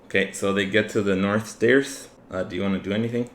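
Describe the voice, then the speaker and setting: A man running a tabletop game as game master, narrating the scene in a relaxed way with many fillers. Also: lowish voice, a little fast. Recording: echoey room with faint ambient noise.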